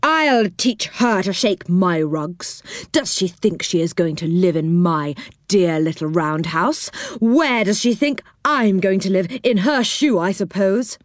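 A woman's voice: medium pitch, lively intonation, measured pace, no room sound, studio quality, natural voice. A woman voicing a fretful, odd little male tree dweller who complains indignantly.

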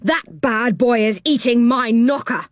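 A woman's voice: fairly high pitch, a little slow, dry recording, voice pushed up, close to an everyday voice. A woman voicing an angry little man in a storybook, scolding and indignant. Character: angry little man, peppermint knocker owner.

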